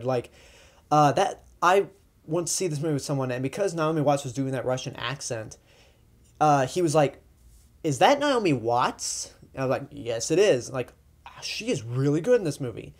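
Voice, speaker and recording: A man's voice: medium pitch, darkish tone. A man giving casual, opinionated movie reviews, chatty and loose, with frequent ums and likes.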